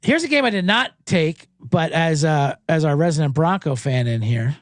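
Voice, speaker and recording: A man's voice: fairly high pitch, animated, moderate pace, dry recording. A man hosting a sports betting show, recapping games in a rambling, profane, joking way and slipping into mocking voices.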